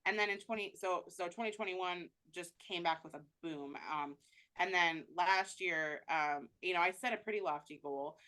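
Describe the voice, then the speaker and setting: A woman's voice: lowish voice, moderate pace, sharp tone. A woman travel agent answering interview questions in a chatty way, with many fillers and restarts.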